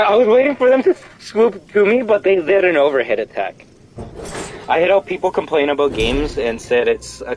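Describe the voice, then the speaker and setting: A young man streaming a horror game, rambling casually to chat with animated, profane commentary. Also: on the high side, slight background noise. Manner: rambling, animated, swears freely. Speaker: gaming streamer.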